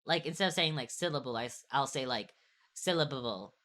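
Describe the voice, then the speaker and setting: A woman's voice: very deep voice, quick pace, pushed and bright. A young woman streamer chatting casually, rambling and restarting her sentences with little laughs. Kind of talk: casual chat on an art stream.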